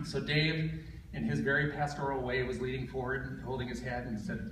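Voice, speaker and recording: Halting son's eulogy in an echoey hall. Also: male voice, mid-range voice, steady tone. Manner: halting, with frequent filler pauses and gentle humor. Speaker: son giving a eulogy. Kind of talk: funeral eulogy. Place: funeral service hall. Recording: echoey hall from far off, background hiss.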